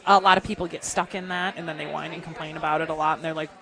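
A woman's voice: sits low, steady tone, quick pace, music in the background. A woman hosting a talk radio interview, gushing and chatty with lots of fillers. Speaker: radio show host.

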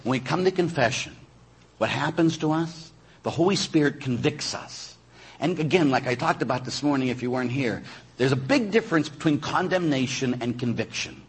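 A man, a priest, preaching a sermon in an animated way, full of rhetorical questions and quick asides. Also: mid-range voice, slightly rough, poor audio. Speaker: Catholic priest.

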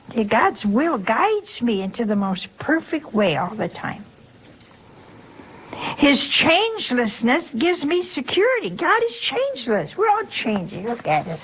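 A woman's voice: a little high, very animated, slow, fairly bright tone, a little hiss or hum, poor audio. An older woman, a nun leading her sisters, giving a conversational religious talk and often asking her listeners rhetorical questions. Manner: chatty, keeps checking in with rhetorical questions.

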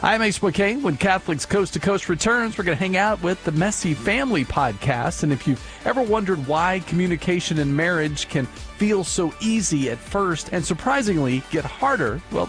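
A man's voice: high-pitched, lively intonation, normal speed, few pauses, faint music behind. A male radio host reading scripted show announcements in a polished, upbeat way.

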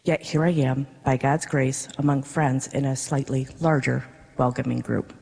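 A woman, a parishioner, reading her personal faith testimony to a congregation in an earnest, measured way. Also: a bass voice, fairly even intonation, vocal fry, mellow, breathy edge. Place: darkened church worship space. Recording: reverberant worship space.

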